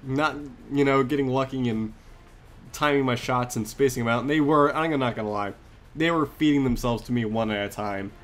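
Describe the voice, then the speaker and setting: A man giving casual, rambling commentary over his own gameplay, excited and full of fillers. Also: mid-range voice, normal speed, faint music behind. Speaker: gaming commentator.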